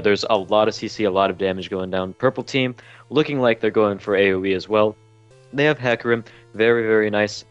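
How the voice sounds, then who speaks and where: Low-voiced male esports caster, muffled. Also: no echo. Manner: stumbles and restarts over words. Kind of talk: live esports commentary.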